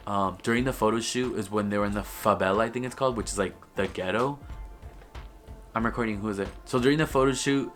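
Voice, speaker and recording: A man's voice: fairly low pitch, quick pace, a bit bright, soft background music. A young man vlogging in casual, gossipy commentary, rambling and swearing freely, with lots of "like.". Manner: profane, rambling, heavy use of "like". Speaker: YouTube vlogger.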